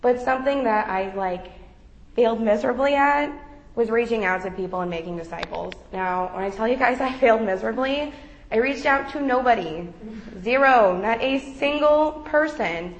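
A woman's voice: a little high, expressive, normal speed, dull audio. A young woman sharing a personal faith testimony with a group, talking casually with many fillers. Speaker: member giving a testimony. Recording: roomy echo.

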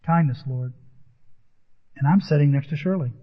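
A middle-aged man preaches a sermon, telling a personal story with quoted conversations. His voice sits a little higher than most men's. The audio is dull and carries a long reverb, as in a big church hall. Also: moderate pace. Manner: personal anecdotes with quoted dialogue, earnest. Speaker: pastor.

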